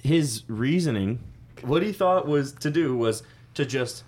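A man's voice: medium pitch, lively intonation, a little slow, a little mellow. A young man co-hosting a podcast who talks in a crude, joking way and laughs easily. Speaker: podcast co-host. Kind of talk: casual chat. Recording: noisy podcast recording.

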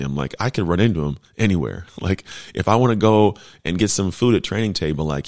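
Deep-voiced man telling a lively story. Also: no room sound, studio quality. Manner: animated, emphatic, laughs while telling stories. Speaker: former football player and speaker. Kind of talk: casual storytelling.

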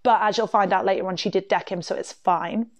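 A woman's voice: medium pitch, steady tone, a little fast, dry recording. Woman, podcast host, casual storytelling, candid and self-mocking, mid-range voice, dry close sound.

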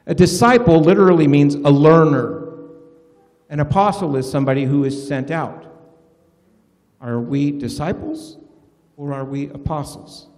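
A man preaching a sermon, animated and quizzing his listeners with questions. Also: on the high side, unhurried, pauses often, long reverb tail. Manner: animated, asks the congregation questions.

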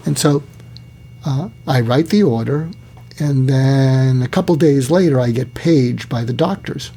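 Male psychiatrist, gravelly voice, storytelling delivery, acts out quoted voices. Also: medium pitch, a little slow, warm tone. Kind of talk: storytelling talk.

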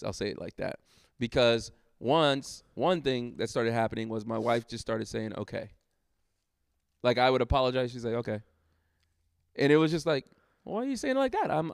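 A man's voice: medium pitch, dry recording, clean studio sound. A man, a pastor, talking candidly in a casual church discussion and laughing at himself as he tells stories.

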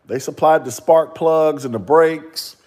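A man's voice: a little high, a little slow, a little mellow. A man hosting a solo podcast rant, mocking and profane, laughing and firing rhetorical questions. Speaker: podcast host.

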